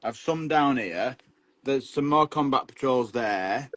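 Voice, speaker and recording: A man's voice: mid-range voice, lively intonation, measured pace, fairly bright tone, dry recording. A man telling rambling stories and chuckling, chatting on a video call. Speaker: podcast call-in guest. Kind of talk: casual banter on a video call.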